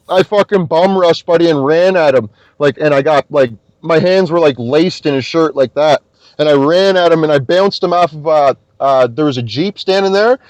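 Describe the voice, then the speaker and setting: A young man from Scotia, a podcast guest telling an animated story and swearing constantly. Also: on the high side, no echo, rough recording. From Nova Scotia, Canada. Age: young adult. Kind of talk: casual storytelling.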